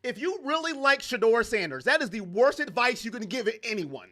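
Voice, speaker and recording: A man's voice: extremely high pitch, big pitch swings, normal speed, few pauses, bright, forceful tone. A man giving casual play-by-play and reactions to a football game as a fan commentator, sarcastic and exasperated.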